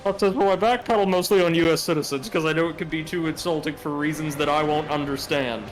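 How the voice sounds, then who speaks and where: A man's voice: a little high, steady tone, quick pace, soft background music. A man co-hosting a casual live stream, reading chat messages aloud and joking about them.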